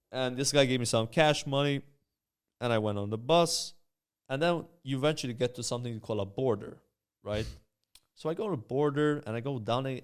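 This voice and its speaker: A young man from Malta, a podcast guest telling rambling, animated anecdotes full of fillers. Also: mid-range voice. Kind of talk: casual storytelling.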